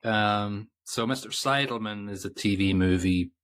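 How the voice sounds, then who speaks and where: Man, fairly low voice, casual podcast co-host, rambling movie chat, starts and restarts. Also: a little slow, a bit bright. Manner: rambling, self-interrupting, reads quotes aloud.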